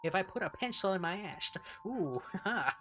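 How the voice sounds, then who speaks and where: A woman's voice: mid-range voice, lively intonation, moderate pace, a bit bright, slight background noise, voice pushed up, natural voice. A woman briefly voicing a giggly, unhinged male villain clown as a mocking impression. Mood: manic.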